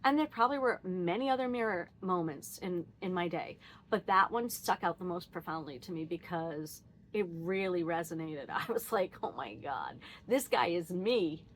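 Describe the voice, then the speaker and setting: A woman's voice: medium pitch, slight background noise. A woman sharing a personal story in a casual, reflective vlog, laughing often and acting out what she said and thought. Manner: candid and animated, laughs often, quotes herself; frequent fillers and restarts, thinking aloud.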